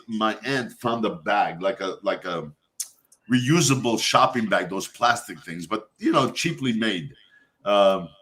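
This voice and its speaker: A man hosting a casual chat, telling a family story with lively quoted voices. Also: on the low side. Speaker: host.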